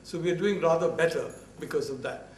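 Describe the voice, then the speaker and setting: A man's voice: a little high, fairly quick, slight background noise. A man with a Bombay Indian English accent, a Malayalam speaker, giving a rambling, self-deprecating informal lecture with many restarts at a university. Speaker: university professor giving a talk. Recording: roomy hall, mic at a distance.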